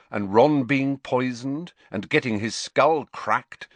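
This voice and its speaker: Lively low-voiced male storyteller. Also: dry recording. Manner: expressive storytelling. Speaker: audiobook narrator. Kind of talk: scripted narration.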